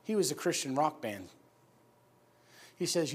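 A high-pitched man preaches with dramatic storytelling, dropping to hushed tones and then shouting. He is a preacher from upstate New York, bold and emphatic. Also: sing-song, measured pace, slightly rough. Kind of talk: sermon storytelling.

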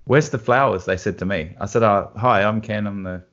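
Australian guitarist, man, low gritty voice, anecdotal, lo-fi audio. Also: a little fast. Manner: animated anecdotes with laughs. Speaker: guest guitarist. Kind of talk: casual storytelling chat. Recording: dull lo-fi sound.

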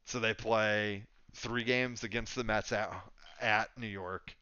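Low-voiced man rambling about sports. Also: steady tone, slow, sharp tone, clear, resonant tone, no echo, muffled recording. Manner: rambling, thinks aloud with many fillers. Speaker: podcast co-host. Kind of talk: casual sports chat.

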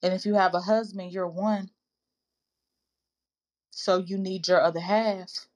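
A woman's voice: mid-range voice, fairly even intonation, unhurried. A woman hosting a faith-based podcast for women, speaking earnestly and informally to listeners she calls sis and baby, in a preacherly, exhorting way. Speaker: podcast host.

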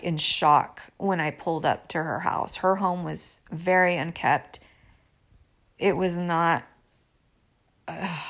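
A woman vlogger telling a personal story to her viewers in a confiding way, with apologetic asides. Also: lowish voice. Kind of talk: storytime monologue.

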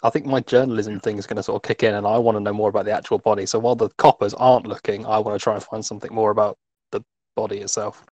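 A man playing a tabletop game who talks quickly and eagerly in a lowish voice. The sound is dull and lo-fi. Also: level tone, a little mellow, no room sound. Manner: rapid, eager. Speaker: player. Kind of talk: casual tabletop game play.

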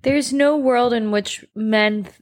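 A woman around thirty hosting a podcast, chatting in an animated way and jumping between thoughts. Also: on the high side, takes it slowly. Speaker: podcast host. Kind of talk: casual chat.

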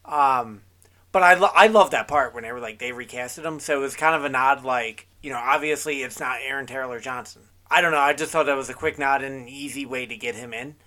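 A man's voice: medium pitch, a little fast, bright, forceful tone. A man co-hosting a podcast, chatting casually in an easygoing, agreeable way with frequent ums. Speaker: podcast co-host. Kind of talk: casual recap chat.

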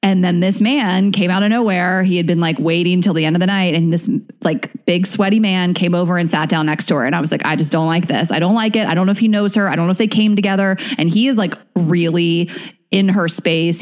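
A woman's voice: fairly low pitch, quick pace. A woman comedian, a guest on a podcast, telling a story casually and acting out what people said, with lots of "like". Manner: animated, fills talk with "like", acts out quotes.

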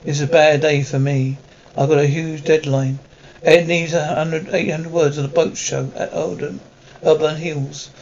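A man's voice: on the high side, level tone, a little slow, vocal fry, darkish tone, dull audio. An actor playing a wisecracking middle-aged father in a sitcom, with a sarcastic, joking manner. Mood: wry. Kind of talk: sitcom acting.

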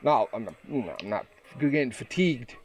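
A man's voice: medium pitch, lively intonation, normal speed. Rambling, hesitant man playing a tabletop game. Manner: rambling, hesitant, lots of fillers and restarts. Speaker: player. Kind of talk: casual tabletop game play.

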